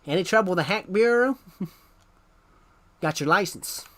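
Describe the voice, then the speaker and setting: A brisk male interviewer at a taxi company, as a man puts him on, with a broad Southern American drawl and a voice pitched well above his usual. He fires off short, questioning lines with a bit of extra volume. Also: lively intonation, sharp tone. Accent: American Southern, put on.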